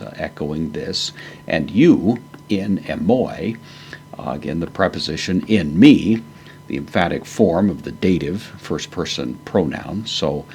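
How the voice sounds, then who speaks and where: Male Bible teacher with a very deep voice, measured and halting, over a faint hum. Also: creaky. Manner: measured and halting, frequent pauses to find words. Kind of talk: verse-by-verse Greek lesson.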